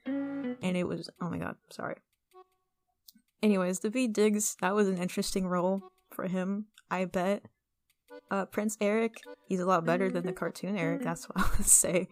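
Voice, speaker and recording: A young woman talking casually and excitably as she vlogs over a speedpaint, rambling with restarts and asides. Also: mid-range voice, a little fast, faint music behind. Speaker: artist vlogger.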